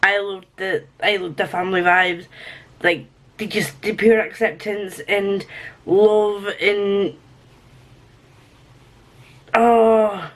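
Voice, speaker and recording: In a casual reading vlog, a woman gushes emotionally about the book she's reading, repeating herself and sometimes dropping to a whisper. Her mid-range voice has fairly even intonation, and she speaks slowly, pausing often.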